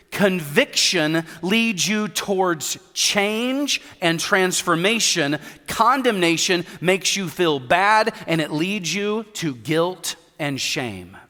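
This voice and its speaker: A male pastor delivers an emphatic sermon, repeating key lines and dropping in light humor. His voice sits slightly high for a man. It rings through a long reverberant church sanctuary. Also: a bit bright.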